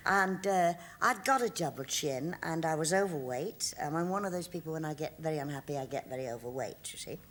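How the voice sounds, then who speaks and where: A woman's voice: low-pitched, animated, brisk, hardly any pauses. A woman in her sixties, a guest on a TV talk show, telling stories in a chatty way and laughing often. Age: 60s. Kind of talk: casual chat. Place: TV studio.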